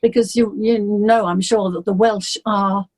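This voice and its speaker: An older woman from England, a singer, chatting as a guest and telling childhood stories in a lively, anecdotal way. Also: mid-range voice, a little slow, poor audio. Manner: chatty, warm anecdotes, laughs easily. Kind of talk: interview.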